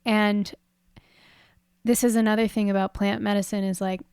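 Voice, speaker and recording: Smooth, even-toned woman, reflective chat. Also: medium pitch, normal speed, no echo, studio quality. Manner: reflective, spiritual, says "man". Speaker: podcast guest. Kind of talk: casual conversation.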